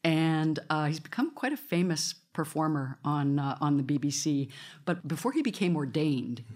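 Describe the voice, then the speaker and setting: Woman host, lower voice, chatty storyteller, quick to laugh. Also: animated, darkish tone. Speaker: radio host. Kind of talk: live studio conversation. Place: radio studio with live audience.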